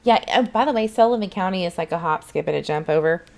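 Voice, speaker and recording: A woman's voice: fairly low pitch, animated, quick pace, creaky, darkish tone. A woman, hosting a casual livestream and chatting back to viewers' comments in a rambling way. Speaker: channel host.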